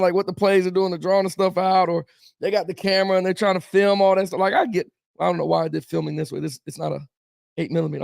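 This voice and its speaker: A sports talk show host runs a laid-back livestream, rambling, riffing on viewer comments, chuckling and saying "man" and "bro" a lot. His high voice has a gravelly rasp and is recorded dry and close.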